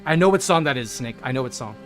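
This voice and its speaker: A man's voice: mid-range voice, expressive, fast, soft background music. A man livestreaming a game, chatting playfully with his viewers and greeting them by name. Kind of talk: casual gameplay chat with viewers.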